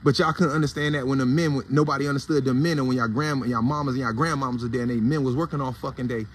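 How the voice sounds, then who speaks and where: A man's voice: mid-range voice, fairly even intonation, racing, a little hiss or hum. A man with an African American Vernacular English accent hosting a casual morning commentary, blunt, heated and profane in a preachy way. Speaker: host of a morning commentary show.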